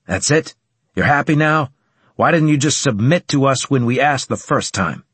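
A man's voice: medium pitch, animated, normal speed, a bit bright, breathy edge, dry recording, pitched above the performer's own voice. A man voicing an irritated male guard officer who speaks in an indignant, demanding way.

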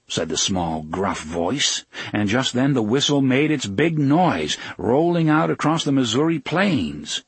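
A man's voice: medium pitch, sing-song, a little slow, hardly any pauses, husky, no room sound. A man reading a novel aloud as audiobook narrator, expressively voicing each character. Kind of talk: scripted narration.

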